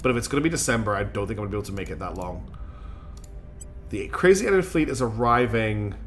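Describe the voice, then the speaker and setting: A man's voice: lowish voice, expressive, quick pace, soft background music. A very tired man streaming a strategy game, chatting casually and rambling with lots of fillers and self-mocking asides. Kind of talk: casual gameplay commentary.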